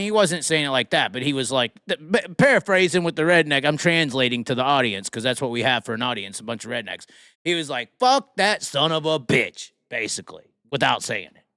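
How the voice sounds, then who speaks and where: A man hosting a live stream, talking racing in a profane, animated, laughing casual chat. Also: on the high side, no room sound, clean studio sound. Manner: animated, swears constantly, laughs often. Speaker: podcast host.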